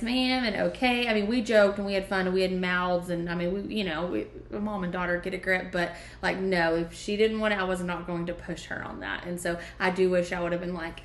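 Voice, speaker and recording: A woman hosting a podcast, speaking candidly and from the heart about grieving her mother. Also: medium pitch. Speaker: podcast host. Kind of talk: emotional podcast conversation. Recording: echoey room.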